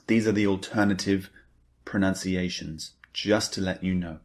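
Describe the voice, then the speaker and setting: A man's voice: sits low, fairly even intonation, moderate pace. A man teaching an English grammar lesson, who repeats key points and stresses the target words. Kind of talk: slow, deliberate grammar lecture.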